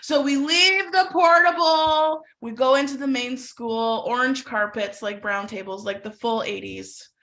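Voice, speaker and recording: Animated high-voiced woman telling a story. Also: a little slow, few pauses. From Canada. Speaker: webinar presenter. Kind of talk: storytelling in a webinar.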